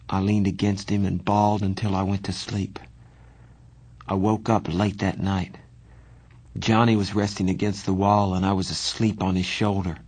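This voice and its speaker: A man narrating a novel in the first person, quiet and steady. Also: deep voice, moderate pace. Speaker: audiobook narrator.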